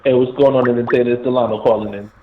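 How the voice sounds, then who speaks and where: A man in his late thirties calling into a sports show, relaxed and hesitant, with frequent fillers. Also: mid-range voice, rapid-fire, slight background noise. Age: 30s. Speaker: caller. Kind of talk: phone-in sports talk. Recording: echoey tinny phone line.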